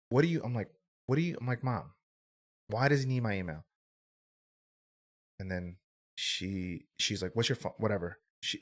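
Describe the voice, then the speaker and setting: A man in his twenties telling a personal story on a podcast, candid and rambling, swearing freely and filling his talk with "like" and "right?". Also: low voice. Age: 20s. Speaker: podcast guest. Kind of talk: casual storytelling.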